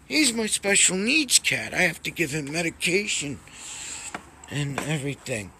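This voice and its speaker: A man casually rambling in a home vlog, cooing softly at his cats. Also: high-pitched, expressive, measured pace, a little hiss or hum. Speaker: vlogger. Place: home indoors.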